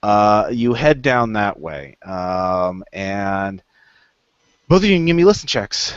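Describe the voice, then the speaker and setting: A man running a tabletop horror game as game master, talking in a relaxed, halting way. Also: fairly low pitch, clean tone, no echo, lo-fi sound. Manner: relaxed, halting, many fillers.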